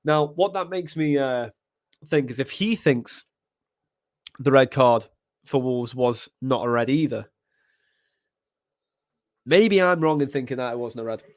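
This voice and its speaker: A man's voice: mid-range voice, a little slow, pauses often, no room sound, clean studio sound. A young man, chatting and reacting through a live match stream as a fan. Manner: rambling, excitable, sings chants. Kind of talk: casual live match commentary.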